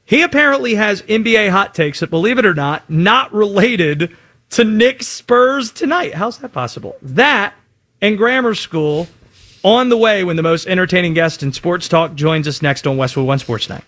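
A man hosts a sports talk radio show with wry, animated delivery. His voice sits fairly high for a man. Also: normal speed.

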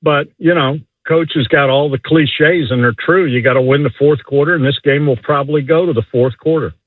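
A man's voice: on the high side, fairly quick, no room sound. A middle-aged man calling in to a sports radio show, rambling and boasting with many stumbling restarts. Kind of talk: casual sports talk. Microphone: phone call. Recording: tinny phone line.

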